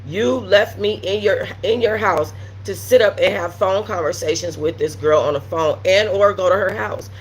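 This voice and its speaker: Medium-pitched and at normal speed, her delivery has few pauses, with slight background noise. She's a blunt, profane storytime livestream host telling a story casually while reading live chat and addressing viewers in many asides.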